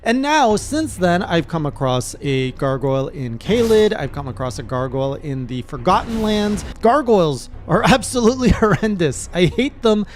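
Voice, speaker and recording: A man, a gaming streamer, recapping his playthrough in casual narration with animated, excited reactions. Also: high voice, normal speed, few pauses, a little hiss or hum.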